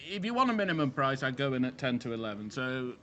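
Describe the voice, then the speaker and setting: A man giving measured, dry racing opinions outdoors. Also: medium pitch, sing-song, a bit bright, muffled recording. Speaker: pundit. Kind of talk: racing preview chat. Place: outdoors at a racecourse.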